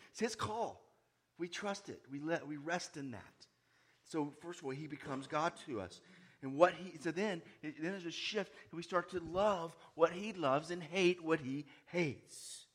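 A man preaching a sermon, moving from hushed, quiet lines to loud, raised ones and asking his listeners many questions. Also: fairly high pitch, husky. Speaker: pastor.

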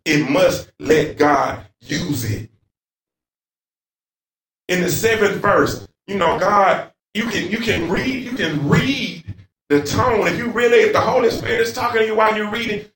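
Preacher guy shouting then going quiet, bright high voice, echoey church heard from the back. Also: far from the mic, slight background noise. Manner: fervent, swinging between shouting and hushed. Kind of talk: sermon. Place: church sanctuary.

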